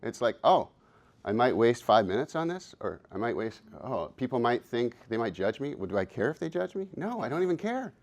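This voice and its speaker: In a mid-range, sing-song voice and at a brisk clip, a man in his fifties presents a live workshop in a conference room. As a coach, he stays upbeat and encouraging and plays with the audience.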